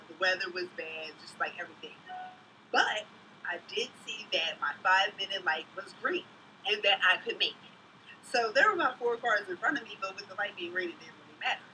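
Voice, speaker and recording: A blunt, outspoken woman talks straight to camera in a casual vlog, gossiping and telling stories. Her voice is very bright and a touch sharp. She sits back from the mic, and a faint hum of noise runs behind her. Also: mid-range voice, far from the mic, rough recording. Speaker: vlogger, mother. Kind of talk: casual chat, storytelling.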